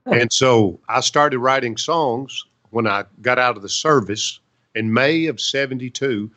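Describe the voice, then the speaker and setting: This man, a songwriter and veteran in his 70s, talks a little slowly in a medium-pitched voice that sounds bright and forceful. He's being interviewed and tells stories in a relaxed, folksy, chatty manner.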